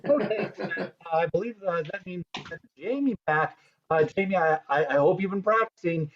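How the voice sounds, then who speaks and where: A man's voice: high-pitched, lively intonation, normal speed, lo-fi sound. A man hosting an online improv game show over a video call, teasing and hesitant with many ums.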